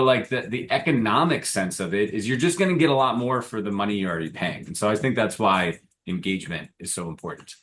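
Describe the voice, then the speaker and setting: A podcast host with a mid-range, slightly bright male voice chats casually with his guest on a business show. The conversational interview is full of fillers like "you know."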